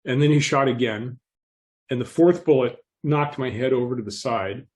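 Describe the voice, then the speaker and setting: Male interview guest, calm and reflective storyteller, clears his throat often, gently amused. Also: mid-range voice, moderate pace. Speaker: podcast guest.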